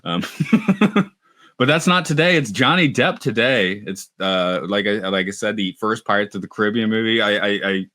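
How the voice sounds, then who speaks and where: A man's voice: on the low side, moderate pace, sharp tone, no room sound, studio quality. A man co-hosting a podcast in casual chat, talkative, often laughing and restarting his sentences. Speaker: podcast co-host.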